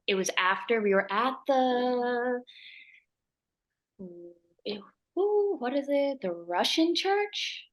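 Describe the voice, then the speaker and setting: A woman sharing a personal story in a casual interview, animated and acting out what others said. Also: fairly high pitch, takes it slowly. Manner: animated, acts out quoted voices, laughs often. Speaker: mission trip member.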